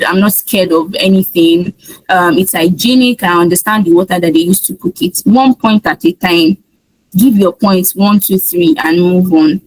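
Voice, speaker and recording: A woman's voice: mid-range voice, slightly rough, no echo, rough recording. A woman from Nigeria with a Nigerian accent, teaching an IELTS speaking lesson in an emphatic way and acting out sample answers. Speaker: IELTS tutor. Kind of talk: speaking-test coaching lesson.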